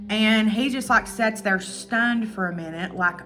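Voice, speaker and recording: A woman's voice: mid-range voice, unhurried, hardly any pauses, soft background music. A woman vlogger casually retelling a true-crime documentary, acting out quotes and swearing freely. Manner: chatty, animated retelling with acted-out quotes and swearing.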